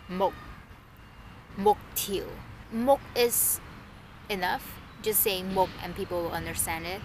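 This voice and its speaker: Slow, relaxed woman teaching words. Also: on the low side, background noise. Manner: relaxed, thinks aloud, repeats words slowly. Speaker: language teacher vlogger. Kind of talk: casual language lesson.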